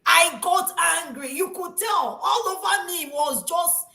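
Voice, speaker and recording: Animated high-voiced woman storyteller, echoey room. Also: a little slow. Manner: animated, expressive storytelling with frequent restarts. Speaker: host. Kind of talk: casual storytelling chat.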